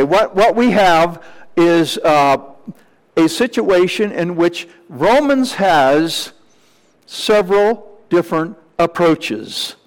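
A male pastor preaching a Sunday morning sermon in a measured, teacherly way, with small asides to the congregation. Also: on the high side, long reverb tail, rough recording.

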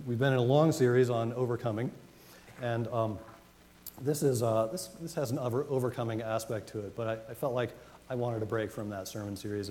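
A man preaching a sermon as pastor, talking conversationally and reading scripture slowly with emphasis. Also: mid-range voice, dark tone. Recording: long reverb of a hall, faint noise.

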